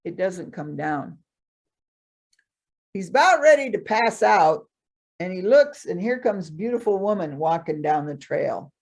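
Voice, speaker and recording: A woman telling traditional trickster stories live, animated, with playful asides. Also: lowish voice, unhurried, creaky, breathy edge. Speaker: storyteller.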